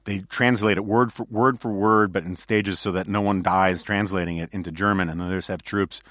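A man's voice: low voice, fairly even intonation, brisk, fairly bright tone, dry recording, studio quality. A man hosting a podcast, telling rambling stories in casual chat with many fillers and restarts. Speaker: podcast host.

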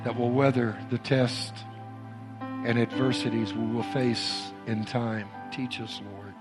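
A man in the middle of a sermon, preaching with emphatic, repeated lines and then moving into prayer, at an average pitch. Instrumental music plays clearly behind his voice in the church. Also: flat delivery, slow. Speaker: pastor. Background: soft instrumental music.

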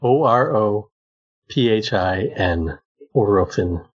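A man hosting a casual podcast quiz, spelling out words slowly and reading the answers. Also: on the low side, animated, slightly rough. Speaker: quiz host. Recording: dull lo-fi recording.

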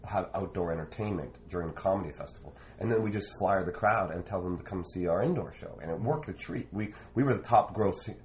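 Lower-voiced man telling a street story. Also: quick pace, few pauses, a little hiss or hum. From Canada. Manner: rambling, animated anecdote with fillers. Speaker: former street performer. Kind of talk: storytelling in conversation.

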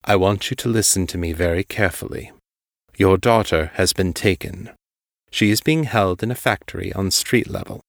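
A deep, cultured underworld boss speaks slowly and with total control, as a man reads him. The low voice sits close and dry, never rising. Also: creaky, dry recording. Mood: coolly controlled. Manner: calm, carefully controlled, slow. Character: deep cultured male crime boss on phone.

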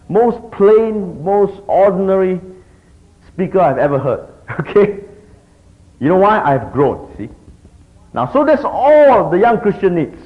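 Lively middle-aged man teaching. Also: on the high side. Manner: animated, keeps checking in with the audience. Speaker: discipleship teacher. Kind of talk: teaching talk to a group. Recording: dull lo-fi recording.

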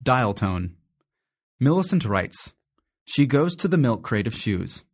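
A man reading stage directions aloud in a matter-of-fact, measured way during a stage play reading. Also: mid-range voice, very animated, husky.

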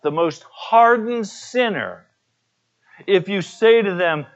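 A man's voice: high-pitched, expressive, slow, highs cut off. A man preaching a sermon as pastor, telling personal stories in an earnest way.

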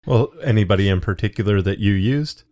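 Low-voiced man hosting a casual chat. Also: a little fast, darkish tone. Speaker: podcast host and author.

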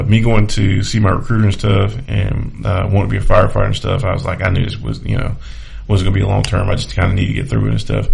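A man's voice: lowish voice, vocal fry, husky. A young adult man hosting a podcast, telling profane, laughing anecdotes in a casual, rambling way with many fillers. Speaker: podcast host. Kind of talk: casual storytelling monologue.

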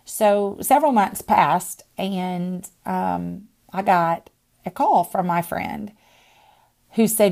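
Woman minister-host, slightly low and gravelly, earnest storytelling with pauses. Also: darkish tone. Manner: earnest, many pauses and restarts. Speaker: discipleship minister and podcast host. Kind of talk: personal faith storytelling.

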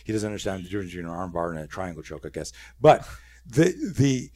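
Profane, animated middle-aged storyteller man. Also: sits low, fast. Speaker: podcast guest, self-defense instructor. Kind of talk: casual storytelling chat.

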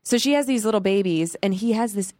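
A woman's voice: medium pitch, quick pace, dry recording, studio quality. Gossipy woman podcast co-host. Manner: animated, gossipy, ranting. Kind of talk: casual chat.

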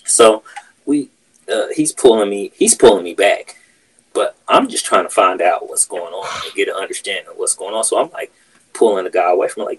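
A man's voice: low voice, expressive, fairly quick, husky, low-quality recording. A man hosting a podcast, telling a workplace story in casual, profane chat. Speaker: podcast host.

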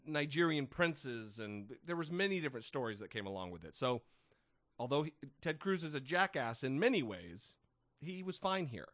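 A man's voice: a little high, fairly bright tone, no echo, clean studio sound. A man co-hosting a podcast in casual, opinionated chat, blunt, sarcastic and profane as he rants. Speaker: podcast co-host.

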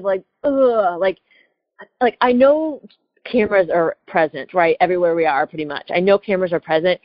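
A woman's voice: lowish voice, no room sound. A woman telling a personal story in a casual, heated way, often asking "right?" and tossing in "like". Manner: chatty, heated, lots of "like" and "right?". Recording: dull lo-fi dry recording.

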